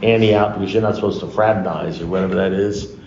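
A low, gravelly man spins a rambling story to a room full of listeners and acts out every line of dialogue. The sound is muffled and lo-fi, with the echo of a meeting hall around him. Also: quick pace, a little hiss or hum. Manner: animated storyteller acting out dialogue, swears freely. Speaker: recovery meeting speaker. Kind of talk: storytelling talk to an audience. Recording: echoey room, dull lo-fi sound.

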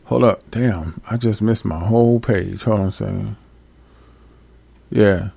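A man hosting a livestream, talking casually and bluntly with profanity and loud, high-pitched outbursts. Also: unhurried, gravelly, breathy edge, dry recording. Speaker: livestream host.

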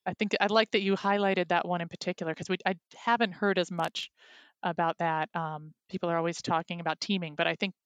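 A woman hosts an interview, affirming what her guest said with easy fillers. Her voice sits a little low and sounds smooth. The recording is dry and close-miked. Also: steady tone, a little fast, dry recording. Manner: affirming, gentle back-channeling. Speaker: interview host. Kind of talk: conversational interview.

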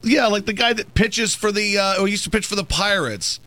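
A man hosting a sports radio show, bantering and teasing his co-host in quick, playful chat. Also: high-pitched, sharp tone.

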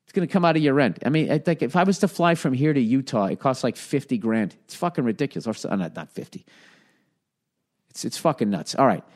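A man's voice: medium pitch, expressive, fairly quick. Profane ranting male podcast host. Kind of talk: casual comedic rant.

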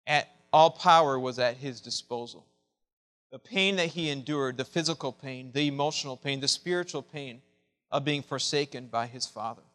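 A male preacher delivers a sermon with real passion, swinging from near-whispers up to strong, loud calls. His voice has a bright, forceful edge. It rings out with the long reverb of a large hall. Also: medium pitch, normal speed. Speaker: pastor.

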